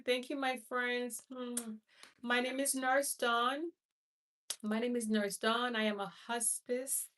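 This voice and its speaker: A woman's voice: a little high, fairly bright tone, distant mic. A woman from Haiti, a hospice nurse, hosting a casual live stream who rambles, repeats herself and greets viewers by name. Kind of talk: casual livestream chat.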